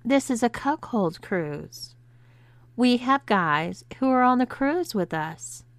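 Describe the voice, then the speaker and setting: Mocking, domineering wife , read by the woman narrator; slow, dry and close. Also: a little high, lively intonation, no echo, pitched above the performer's own voice. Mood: commanding. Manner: mocking, ordering.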